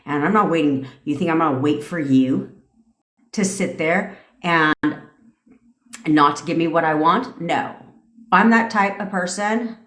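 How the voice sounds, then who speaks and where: A woman's voice: on the low side, normal speed, a bit bright, roomy sound. A woman coaching viewers on a casual livestream, blunt and profane, laughing often. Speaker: manifestation coach. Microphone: phone or webcam.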